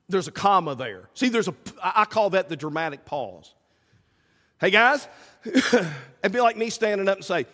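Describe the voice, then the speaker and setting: A man preaching a sermon as pastor, swinging from loud calls to hushed asides. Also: high-pitched, sing-song, normal speed. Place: church sanctuary. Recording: church sanctuary with long reverb.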